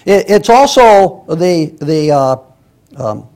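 Slow and sing-song, a man's fairly high, darkish voice carries a Sunday school lesson in church. He reads passages of scripture aloud, then explains them casually, restarting often and drifting into asides.

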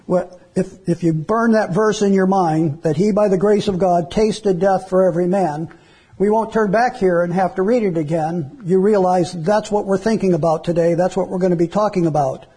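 A man's voice: sits high, moderate pace, mellow, breathy edge. A man preaching an Easter sermon as pastor, reading scripture verses and explaining them in an earnest preaching manner.

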